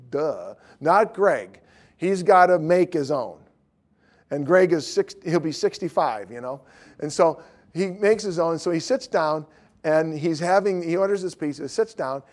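A middle-aged man preaches in a storytelling style, his voice sitting a touch high for a man. He is animated, slips into acted voices for the people in his story, and laughs as he goes. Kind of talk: storytelling sermon.

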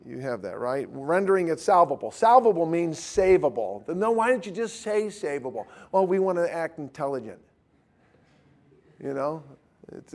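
A man's voice: mid-range voice, vocal fry. Male Bible teacher, informal and blunt, thinks aloud while he teaches. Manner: blunt, informal, self-interrupting.

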